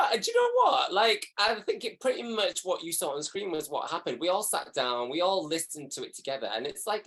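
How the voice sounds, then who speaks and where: A man with a Yorkshire accent from West Yorkshire, chatting as a guest in a relaxed interview, giggling and jumping up high when he quotes people. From West Yorkshire, England. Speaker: guest, drag performer. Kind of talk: casual interview chat.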